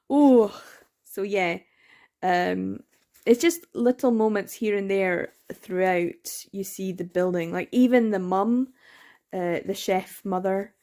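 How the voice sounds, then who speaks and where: Sleepy, gushing woman book vlogger. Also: medium pitch. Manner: gushing and excitable, frequent laughs and gasps. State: sleepy, words slurring. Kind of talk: casual reading vlog.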